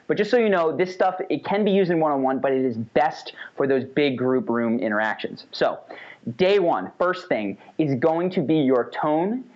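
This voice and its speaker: A man teaching an online course in a casual, energetic way, sometimes demonstrating how his voice changes. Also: fairly high pitch, moderate pace. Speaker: course instructor. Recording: slightly dull lo-fi audio.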